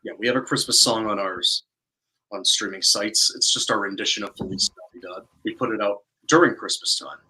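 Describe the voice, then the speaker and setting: A man's voice: lowish voice, fairly quick, pushed and bright, poor audio. A man from Boston, a musician being interviewed on a podcast, easygoing and agreeable, mostly giving short replies. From Boston, New England. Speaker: musician guest. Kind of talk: casual chat interview.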